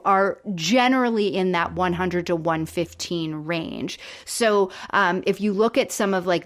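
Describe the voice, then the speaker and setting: A woman co-hosting a sitcom podcast, explaining things in a casual, chatty way with plenty of fillers and restarts. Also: on the low side. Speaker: podcast co-host. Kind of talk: casual chat.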